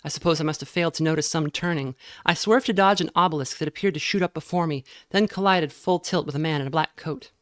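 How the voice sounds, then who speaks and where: A woman reading a novel aloud in a measured way, now and then stumbling and correcting herself. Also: deep voice, dry recording, clean studio sound. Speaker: reader.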